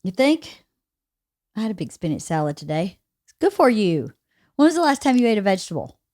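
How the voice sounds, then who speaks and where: A woman's voice: medium pitch, very animated, brisk, a little mellow, no echo, clean studio sound. A woman in her forties hosting a podcast, chatting casually and teasingly with her teenage daughter, sounding tired and yawning. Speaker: podcast host.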